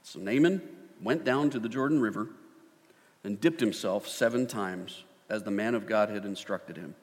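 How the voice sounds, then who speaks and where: Animated male pastor in a reverberant hall. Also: lowish voice, moderate pace. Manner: animated, shifts from loud to hushed. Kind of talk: sermon.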